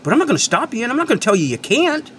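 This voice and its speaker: A man with a high voice that swoops up and down as he rants straight to his viewers. He lectures and repeats his points for emphasis, and he drops the odd swear word. A faint hum of air conditioning sits behind him. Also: big pitch swings, racing, a bit bright. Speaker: channel host and product reviewer. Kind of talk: unscripted ranting monologue.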